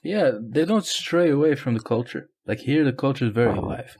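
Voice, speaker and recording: A young man co-hosting a casual podcast, his voice pitched in a middle range. He talks in a relaxed, agreeable way and swears casually as he chats. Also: a little fast. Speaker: podcast co-host. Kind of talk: casual chat.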